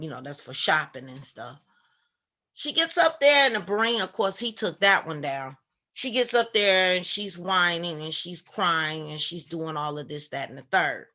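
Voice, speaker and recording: A woman with a bright, forward voice hosts a Christian live stream. She greets her viewers by name and talks in a preachy, animated way. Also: low voice. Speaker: Christian online show host. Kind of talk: casual live-stream commentary.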